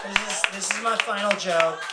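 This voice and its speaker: A man's voice: high-pitched, moderate pace. A young man doing a rambling, profane, self-mocking stand-up set full of fillers and laughter. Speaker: stand-up comedian. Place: bar or club stage with a live audience. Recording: echoey room with crowd noise.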